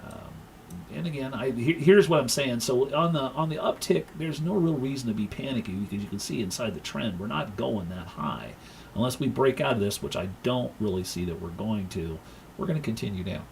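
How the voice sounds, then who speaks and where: Middle-aged man hosting a market livestream. He tells a loose, rambling anecdote with lots of "uh"s and laughs in an easygoing conversational way. Faint noise sits behind his voice, and his pitch is in an average male range. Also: animated, a little fast, creaky, darkish tone, rough recording. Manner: rambling storyteller, frequent fillers and laughter. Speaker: crypto market analyst and stream host. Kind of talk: casual livestream chat with anecdote.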